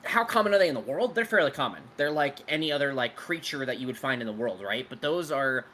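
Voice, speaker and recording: A man's voice: medium pitch, expressive, fast talker, bright, forceful tone, a little hiss or hum. A man running a tabletop game as game master, casually explaining his world to players with lots of fillers and some swearing. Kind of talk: answering player questions out of character.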